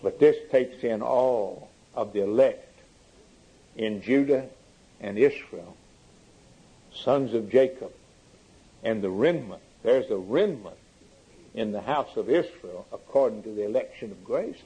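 A man's voice: fairly low pitch, expressive, a little slow, pauses often, dark tone, slightly rough, rough recording. A man preaching a sermon in an earnest way, his voice rising sharply for emphasis.

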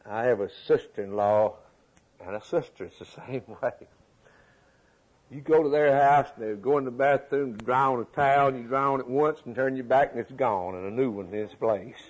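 Husky preacher man. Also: mid-range voice, moderate pace, poor audio. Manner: emphatic, repetitive preaching with rhetorical questions. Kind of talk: sermon.

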